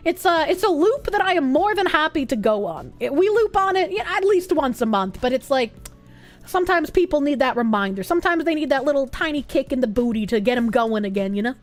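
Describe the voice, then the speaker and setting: A young woman streamer chatting casually and reading out donations, animated and swearing freely. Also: high voice, a little fast, soft background music.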